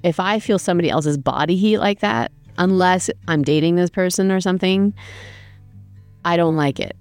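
A woman's voice: lowish voice, darkish tone, no echo. A woman casually telling a travel story, chatty and self-deprecating, with many fillers.

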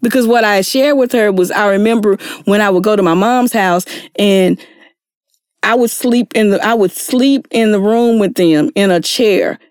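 A woman's voice: medium pitch, normal speed, darkish tone, smooth, no echo, studio quality. A middle-aged woman, telling her personal story with earnest feeling and acting out the people she quotes. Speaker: guest sharing her story. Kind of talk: emotional personal testimony.

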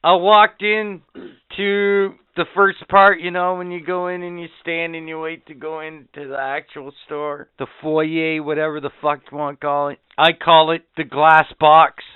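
A man's voice: fairly high pitch, level tone, measured pace, clean tone, no room sound. A man telling an indignant, profane story in casual podcast chat. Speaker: podcast co-host. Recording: tinny phone-like sound.

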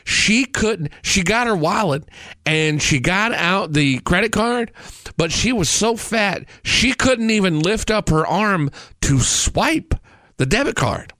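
A man's voice: high-pitched, slow, dry recording, studio quality. A man in his forties hosting a show, telling stories and ranting profanely in a comedic style. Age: 40s. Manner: profane, ranting, animated storytelling. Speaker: host. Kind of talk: comedic rant.

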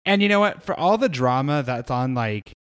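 Man rambling in quick asides. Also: medium pitch, animated, a bit bright, smooth. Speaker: podcast co-host. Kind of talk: casual chat.

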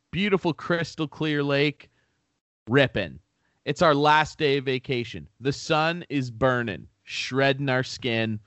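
A man hosting a podcast, telling a comic story in an animated, profane, self-mocking way. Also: medium pitch, no echo. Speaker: podcast host.

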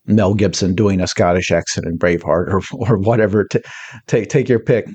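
A man as a podcast guest in a casual discussion, talking in an animated way and quickly acting out quotes. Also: deep voice, slightly rough.

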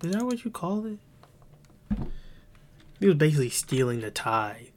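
A man's voice: fairly high pitch, sing-song, normal speed, a little hiss or hum. A man hosting a podcast, telling a story in rambling casual chat with many restarts and some swearing. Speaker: podcast host.

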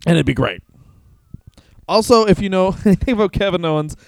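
A man's voice: sits high, animated, fairly quick, gravelly, a little mellow, no echo. A young man co-hosting a casual podcast from a living room, rambling, swearing and laughing as he talks. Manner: rambling, laughing, swearing, puts on silly voices. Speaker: podcast co-host.

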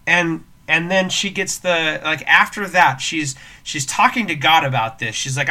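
A man's voice: on the high side, a little slow, few pauses. A man hosting a faith podcast, telling a story casually with lots of restarts. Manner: storytelling, animated with many restarts. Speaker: worship leader and podcast host.

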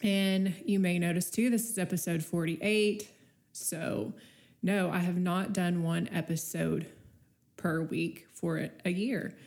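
A woman hosts her solo podcast, chatting unscripted and encouraging listeners while her nose is stuffy from a cold. Her voice sits a little low, with a gravelly fry. She talks at a slow, unhurried pace. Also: steady tone, darkish tone. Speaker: podcast host. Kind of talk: casual solo podcast monologue.

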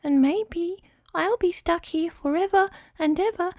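Tiny lost unicorn babbling nervously, super high, lady doing it. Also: a little slow, a little mellow, no echo, studio quality. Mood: anxious. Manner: words gushing out anxiously. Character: baby unicorn, frightened and lost.

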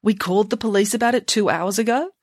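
Woman voicing a deadpan schoolgirl detective, crisp and dry. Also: mid-range voice, fast, dry recording, pitched above the performer's own voice, natural voice. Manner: precise, dry, matter-of-fact. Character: clever deadpan teenage girl detective.

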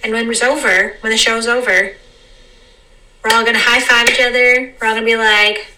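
Woman vlogger, fairly high bright voice, rambling reflective monologue, mic a bit distant. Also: steady tone. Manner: meandering, repeats phrases, slows down to stress words.

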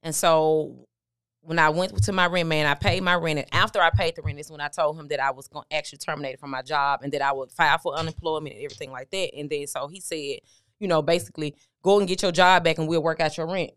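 Smooth, low-voiced woman telling her story. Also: steady tone, quick pace, fairly bright tone, no room sound, clean studio sound. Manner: conversational, recounting with quoted dialogue. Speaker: guest, motivational speaker. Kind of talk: candid storytelling interview.

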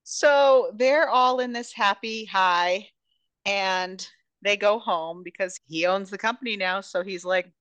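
A woman's voice: medium pitch, slow pace, fairly bright tone, no room sound. A woman hosting a podcast, casually and animatedly recapping a romance novel, swearing freely. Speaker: podcast host.

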